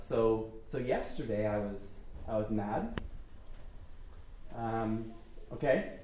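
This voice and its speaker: Man preaching in an echoey hall. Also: medium pitch. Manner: informal, chatty, self-deprecating. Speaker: pastor. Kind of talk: conversational sermon. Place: church hall. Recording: echoey hall from far off, faint noise.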